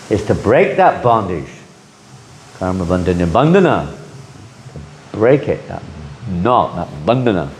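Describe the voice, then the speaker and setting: A man teaching a scripture class in a lively way, often acting out the voices of people he quotes. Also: on the low side, echoey room, slight background noise, poor audio. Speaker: spiritual teacher.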